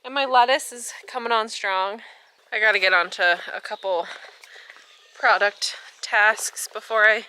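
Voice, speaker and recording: A young American woman vlogging casually on her farm, chatty and excitable, a little out of breath. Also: medium pitch, a little slow, a little hiss or hum. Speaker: farmer vlogger. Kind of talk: casual vlog narration. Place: outdoors on a farm.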